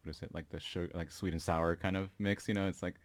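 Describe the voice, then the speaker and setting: A man's voice: low voice, steady tone, quick pace, no echo. An American man talking as a guest in a casual chat, easygoing and loose, with lots of fillers. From United States. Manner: easygoing, many "you know" fillers.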